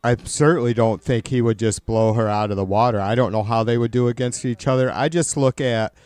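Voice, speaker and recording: Male live streamer, profane, rambling, smooth clear voice, dry close sound. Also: mid-range voice, steady tone, a little fast, darkish tone, dry recording. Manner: profane, rambling with frequent restarts. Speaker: live streamer reading chat. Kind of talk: casual political commentary stream.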